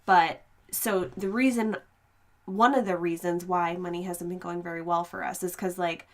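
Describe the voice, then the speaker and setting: A woman co-hosting a podcast, chatting in a rambling, relaxed way and often saying "like". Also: fairly low pitch, moderate pace. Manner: rambling, relaxed, frequent "like" and quoted self-talk. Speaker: podcast co-host. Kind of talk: casual chat.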